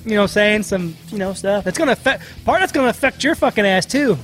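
A man's voice: high-pitched, animated, fast talker, a bit bright, faint music behind. A married man co-hosting a horror podcast, swearing freely, rambling and laughing often in crude casual banter. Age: adult. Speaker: podcast co-host.

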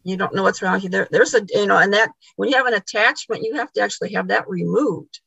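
A woman with a gravelly, husky voice tells a story in casual conversation, stumbling over repeated words and voicing what each person said. The sound is dry and close. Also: medium pitch, quick pace, fairly bright tone, no echo, lo-fi sound. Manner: repeats words, acts out quoted dialogue. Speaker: podcast guest.

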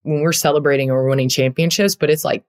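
A woman's voice: low voice, steady tone, fast, a little mellow. A woman talking as an interview guest, a basketball player speaking earnestly and reflectively with many fillers. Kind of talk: heartfelt conversational interview.

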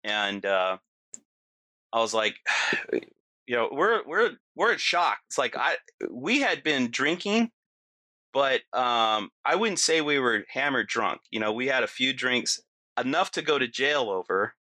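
A middle-aged man recounts a personal story in an animated, casual way, his talk full of "like" and "you know." His voice is bright and forceful. The sound is close and dry, with no room echo. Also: medium pitch, a little slow. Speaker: guest telling a personal story.

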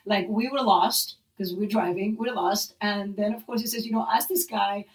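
A woman's voice: mid-range voice, fairly even intonation, moderate pace, recorded from a distance, rough recording. A woman with a Puerto Rican accent, a native Spanish speaker, chatting playfully and defensively, laughing often. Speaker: co-host. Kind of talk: casual storytelling chat.

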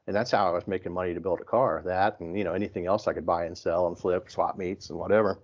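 A deep-voiced man from the American Midwest talks fast in casual chat, animatedly telling stories and acting out what people said. The sound is lo-fi.

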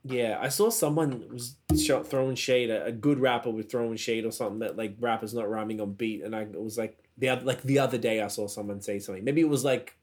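A man co-hosting a podcast, chatting casually with loose, profane and animated storytelling. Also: medium pitch, fairly quick, hardly any pauses, slight background noise. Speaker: podcast co-host. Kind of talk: casual chat.

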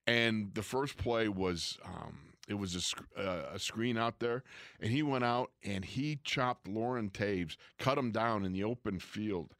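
A man's voice: lowish voice, unhurried, no echo, studio quality. A man, a former pro football player, casually telling locker-room stories and acting out the people he quotes. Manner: animated storyteller, acts out quoted coaches and players. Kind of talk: casual storytelling chat.

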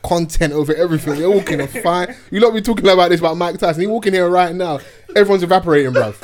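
A man's voice: high voice, very fast. Slangy young guy with a lisp. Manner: laughs a lot, slangy banter. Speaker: podcast co-host. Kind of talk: casual chat.

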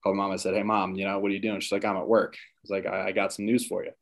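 Brief: deep, gravelly male podcast guest, storytelling, flat delivery. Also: racing. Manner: acts out his parents' lines while telling the story. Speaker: podcast guest, former college football player. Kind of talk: casual storytelling.

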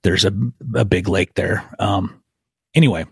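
A middle-aged man, a guest, telling a hunting story in a folksy, animated way and acting out quotes. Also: deep voice, unhurried, gravelly, husky, no echo, clean studio sound. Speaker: guest elk hunter.

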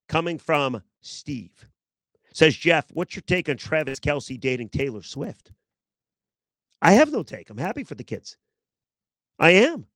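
A man's voice: a little high, a bit bright, dry recording. A man hosting a sports podcast, giving opinionated, teasing talk full of rhetorical questions.

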